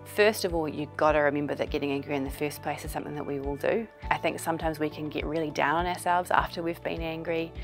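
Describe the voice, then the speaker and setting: A woman's voice: low-pitched, little pitch movement, fast, few pauses, faint music behind. A woman with a New Zealand accent, a child and family psychologist, giving practical advice and acting out little examples. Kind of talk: explanatory talk to camera.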